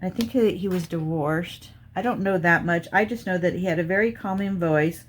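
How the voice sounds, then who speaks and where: A middle-aged woman with a slightly low voice chats easily to her viewers while she crafts. She rambles and thinks out loud, wandering from one thought to the next in a relaxed, homey way. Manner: chatty and rambling, thinking aloud. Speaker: crafting channel host. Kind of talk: casual chat while diamond painting.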